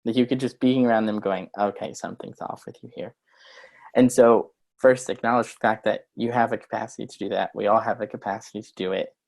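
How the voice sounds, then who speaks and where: A man's voice: fairly low pitch, fairly even intonation, quick pace, gravelly, few pauses, darkish tone. Earnest man explaining on a video call. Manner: earnest, acts out short example lines. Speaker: guest coach. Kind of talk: conversational explaining.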